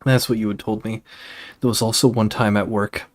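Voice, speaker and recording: A young man streaming a game, chatting casually and rambling off on tangents, relaxed and swearing freely. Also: fairly low pitch, brisk. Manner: laid-back, swears casually.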